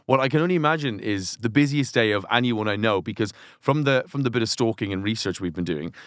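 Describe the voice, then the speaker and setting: A man's voice: lowish voice, animated, fast talker, dry recording, studio quality. A man co-hosting a podcast in casual, teasing banter. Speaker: podcast co-host. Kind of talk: casual chat.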